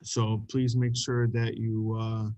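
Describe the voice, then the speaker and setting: A man's voice: fairly low pitch, completely flat delivery, slow pace, warm tone, dry recording, low-quality recording. A male staff member making hesitant announcements on a video call, with many ums and uhs.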